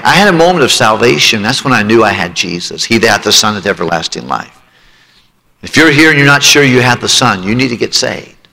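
A man's voice: mid-range voice, creaky, bright, forceful tone. A man preaching a sermon, telling his own testimony and pleading with listeners to respond. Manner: emotional testimony, rising to pleading altar call. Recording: long hall reverb.

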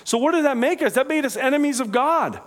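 A man preaching a sermon as pastor, acting out small scenes and dropping low and quiet for scripture readings. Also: quick pace. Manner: animated preaching with acted-out impressions.

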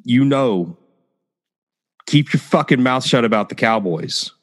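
A man's voice: medium pitch, expressive, measured pace. Irate podcast man telling a profane story. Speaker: podcast host.

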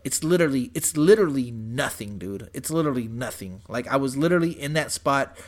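A man's voice: medium pitch, a little fast. Swearing young guy telling a story. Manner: profane, animated, says "dude" and "bro" constantly. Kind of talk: casual storytelling chat.

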